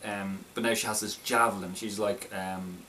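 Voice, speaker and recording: A man's voice: on the low side, steady tone, moderate pace, sharp tone, far from the mic, a little hiss or hum. A man casually reviewing a film, talking in a hesitant, stop-start way with many restarts.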